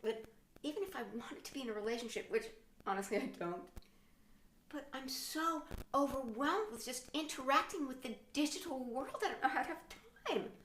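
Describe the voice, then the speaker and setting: A woman's voice: high voice, lively intonation, normal speed, a little hiss or hum. Theatrical woman comic, whispering asides. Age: middle-aged. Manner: theatrical, with sudden hushed whispers and mock outbursts. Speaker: comedian. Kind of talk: stand-up comedy monologue. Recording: roomy echo.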